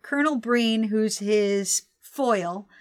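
A woman's voice: medium pitch, slow pace. A woman co-hosting a casual film chat, retelling the plot and acting out lines in quoted voices. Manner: animated, acts out characters in quoted voices. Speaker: podcast co-host.

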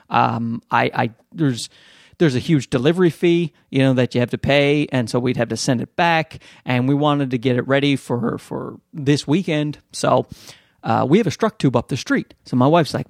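Guy ranting on his podcast, swears a lot, lively, pops his voice way up for quotes, dry close mic. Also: fairly quick, no room sound. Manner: profane, animated, swings into high-pitched quoted voices. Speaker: podcast host. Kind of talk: casual ranting story.

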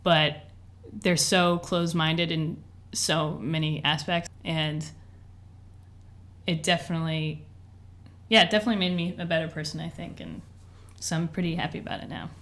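A woman's voice: low-pitched, fairly even intonation, moderate pace, fairly bright tone. A woman in her twenties, telling a personal story to an interviewer in a chatty way, full of "like" and "you know". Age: 20s. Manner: chatty, lots of "like" and "you know", laughs often. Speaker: interview guest.

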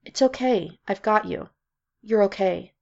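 A woman's voice: mid-range voice, measured pace, creaky, darkish tone, lo-fi sound. A woman voicing a cheerful, caring young woman who comforts her girlfriend, in a storybook reading. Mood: soothing.

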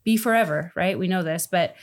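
A woman's voice: lowish voice, brisk. A young adult woman talking earnestly in a casual faith podcast chat, rambling and restarting her sentences. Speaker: podcast co-host.

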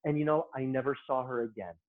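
A middle-aged man, a hairstylist guest, telling lively anecdotes in casual podcast chat and acting out the lines people said. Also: medium pitch, quick pace. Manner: lively anecdote-teller who acts out quoted lines. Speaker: hairstylist and beauty-industry guest. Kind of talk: casual storytelling in a podcast interview. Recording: tinny phone-line audio.

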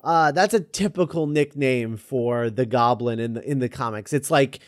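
A man's voice: mid-range voice, moderate pace, no echo, clean studio sound. A man chatting casually on a podcast, joking and acting out lines in silly voices. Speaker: podcast co-host. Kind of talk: casual chat about a TV episode.

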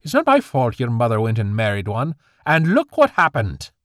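A man's voice: medium pitch, wildly swooping pitch, a little fast, a little mellow, dry recording, pitched above the performer's own voice. A blunt, jovial old fairy grandfather from a storybook, with a thick brogue and a stubborn, defensive streak, as a male narrator puts him on. The voice sits well above the narrator's own, brash and boisterous, in a dry, close recording.

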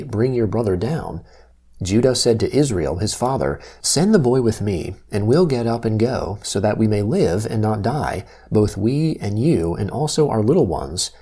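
Husky, low-voiced man reading scripture. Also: dark tone. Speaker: scripture reader.

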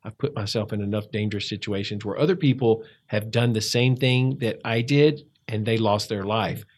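A man telling his life story in a conversational interview, reflective and halting, with frequent restarts. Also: on the low side, a little mellow. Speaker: interview guest.

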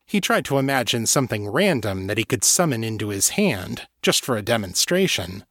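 A man reading a fantasy story aloud as a narrator, in a steady, measured storytelling voice. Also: fairly low pitch, no echo, studio quality. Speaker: audiobook narrator. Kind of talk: scripted fiction narration.

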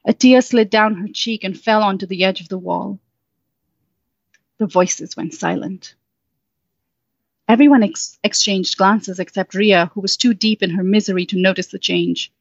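A woman summing up her story, then reading it aloud as storybook narration in a soft, unhurried way. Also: mid-range voice, fairly even intonation, creaky, no room sound. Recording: dull, dry sound.

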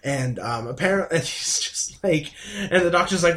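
A man co-hosting a podcast, recapping an episode in an excitable, gushing way and acting out the characters' lines. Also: fairly high pitch, brisk. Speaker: podcast co-host. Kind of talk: casual podcast chat.

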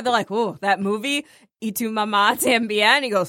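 A woman's voice: on the high side, a little fast, bright, forceful tone. A young woman in casual chat, playful and teasing, laughing as she talks.

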